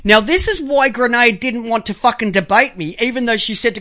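A man's voice: extremely high pitch, bright, forceful tone. Man, live-stream rant, profane, combative, calls people out. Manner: counts items aloud slowly while looking at pictures.

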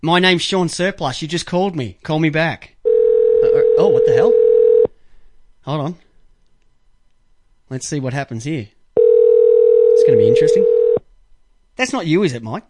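A high-pitched Australian man runs a casual talk show. He tells crude, rambling stories and often bursts out loudly. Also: lively intonation, unhurried, long pauses, very noisy. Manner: crude, rambling anecdotes with loud outbursts. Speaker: podcast host. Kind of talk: casual call-in show chat.

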